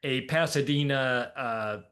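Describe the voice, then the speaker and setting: A man's voice: medium pitch, slow, fairly bright tone. A man telling a long story as a podcast guest, casual and rambling, with lots of fillers and laughs.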